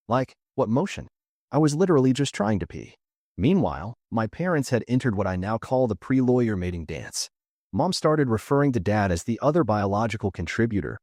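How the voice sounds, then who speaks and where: Low-voiced man narrating a sarcastic story. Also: darkish tone, dry recording, clean studio sound.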